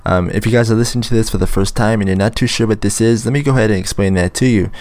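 A man hosts a laid-back interview podcast, his low voice still a bit rough from the morning. He chats easily, laughs often and fills pauses with ums. The sound is dry and close, with no room around it. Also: a little mellow, no room sound. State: shaking off morning voice. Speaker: podcast host. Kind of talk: casual interview chat.

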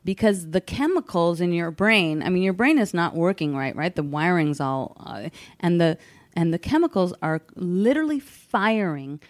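A woman's voice: fairly low pitch, lively intonation, moderate pace, no echo. A woman guest on a podcast, frankly retelling a personal story and acting out the dialogue.

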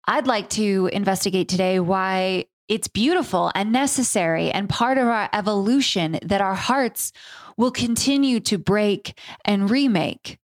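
Woman host, intimate spoken-word storyteller, slow and deliberate, dry close mic, earnest with casual swearing. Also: mid-range voice, no echo.

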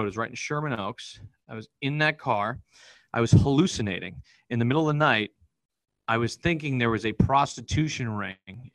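A man, a podcast guest, telling a personal story in a rapid, profane, vivid way. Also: medium pitch, a bit bright, no echo, low-quality recording. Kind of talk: candid storytelling in an interview.

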